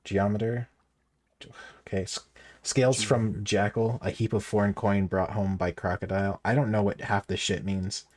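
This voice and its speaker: A man streaming a game, reading its text aloud with bemused, deadpan asides. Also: lowish voice, moderate pace.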